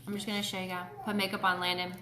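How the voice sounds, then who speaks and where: A woman's voice: mid-range voice, flat delivery, very fast, noisy background. Chatty woman with a roomy echo. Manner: chatty, greets viewers by name. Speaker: beauty host. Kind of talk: casual live makeup tutorial.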